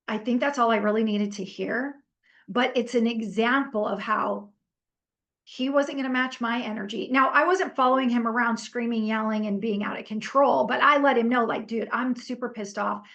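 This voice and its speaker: A middle-aged woman teaching a workshop in a casual, conversational way, telling stories and asking her group for comments. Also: on the high side. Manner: animated storytelling, conversational with fillers. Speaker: workshop trainer.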